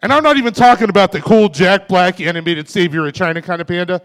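A man in his forties doing a stand-up comedy set on a club stage, delivering self-mocking punchlines in a deadpan way. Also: high voice, quick pace, smooth. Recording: reverberant club room.

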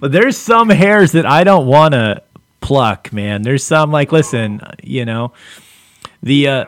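A man's voice: mid-range voice, lively intonation, takes it slowly, no room sound, clean studio sound. A man hosting a podcast in casual chat, laid-back, laughing often and leaning on "like" fillers. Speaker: podcast host.

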